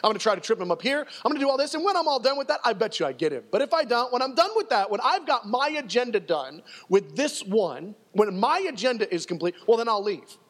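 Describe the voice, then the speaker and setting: A man's voice: high-pitched, sing-song, fast talker, hardly any pauses, fairly bright tone, full character voice. A man voicing a sly, scheming male devil who plots aloud in a smug way, with a long hall reverb.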